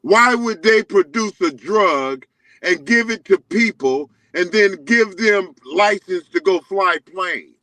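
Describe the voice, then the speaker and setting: High, bright man with a lisp, yelling. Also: animated, takes it slowly, rough recording. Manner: yelling, insulting, rambling. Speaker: morning show co-host. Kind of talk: heated on-air banter.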